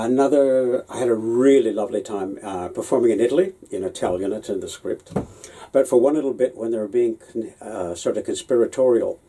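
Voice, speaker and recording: A puppeteer telling stories about his work in a relaxed, hesitant way, with many fillers and restarts. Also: on the low side, slightly rough, poor audio. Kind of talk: anecdotal storytelling.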